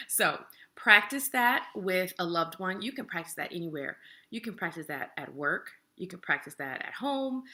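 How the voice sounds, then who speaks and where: Low, bright-voiced woman teaching calmly. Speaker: relationship educator. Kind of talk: casual explanatory talk to camera.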